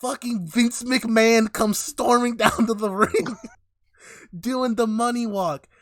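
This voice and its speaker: A man's voice: very high-pitched, fairly even intonation, takes it slowly, no room sound, clean studio sound. A young man hosting a podcast, animatedly telling a made-up story, laughing and swearing often. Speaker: podcast host. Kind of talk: casual chat.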